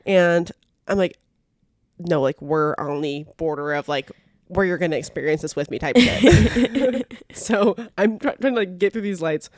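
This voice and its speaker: A young woman co-hosting a podcast, telling a story in animated, laughing casual chat, full of "like". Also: on the low side, measured pace, no echo, clean studio sound. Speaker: podcast co-host.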